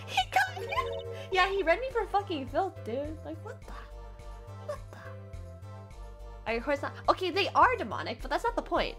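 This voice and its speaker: Excitable woman streamer, casual profane chat over faint music. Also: extremely high pitch, normal speed, pauses often. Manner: excitable, swearing, laughing. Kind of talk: casual gameplay commentary.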